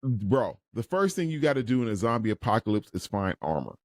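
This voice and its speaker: Animated, foul-mouthed man on a podcast. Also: on the low side, brisk, no room sound, clean studio sound. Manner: loud, animated, swears freely. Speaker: podcast co-host. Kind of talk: casual movie review chat.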